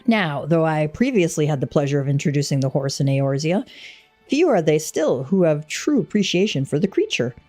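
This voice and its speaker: A ceremonious, pompous envoy from a far eastern land, read aloud by a woman, speaking in stately, archaic turns of phrase. The voice sits low and mellow but moves through a lively range of pitch. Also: moderate pace, no echo, soft background music. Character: pompous formal male envoy from the Far East. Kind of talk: read-aloud game dialogue.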